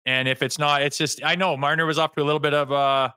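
A man co-hosting a sports podcast, talking in a heated, animated way and mocking critics in put-on voices. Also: fairly high pitch, fast, smooth, no room sound. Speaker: co-host.

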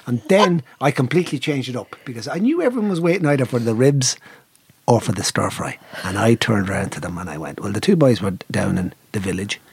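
A middle-aged Irish man on a podcast, telling a long animated family story and acting out the voices of the people in it. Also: mid-range voice, brisk, husky. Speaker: podcast co-host. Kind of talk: casual storytelling chat.

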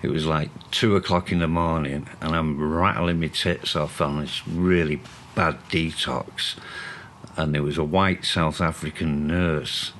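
Deep-voiced middle-aged Mancunian man, blunt and sweary, faint hiss behind. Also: fairly even intonation, unhurried, fairly bright tone. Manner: blunt, sweary, laughs while telling stories. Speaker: co-host. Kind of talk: candid conversational podcast.

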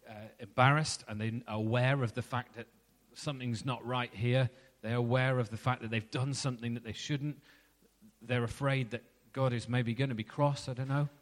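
A middle-aged preacher talks through a sermon in an easy, conversational way and poses reflective questions. His voice sits at a middling pitch. A long reverb fills the room around him.

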